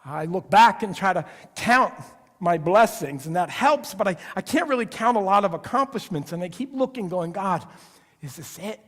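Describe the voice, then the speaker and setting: A man preaching a sermon in a conversational, storytelling way, swinging from hushed, quiet lines to loud, excited ones as he acts out voices. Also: sits high, normal speed, long reverb tail. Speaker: pastor. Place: church sanctuary.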